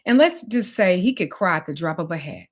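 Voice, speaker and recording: A woman's voice: fairly low pitch, big pitch swings, brisk. A woman, a spiritual teacher and life coach, telling a personal story in a candid, emphatic, conversational way.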